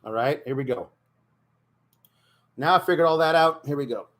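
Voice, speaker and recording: A man's voice: fairly high pitch, moderate pace, fairly bright tone. A man giving exasperated live reaction commentary as a streamer, often restarting his sentences.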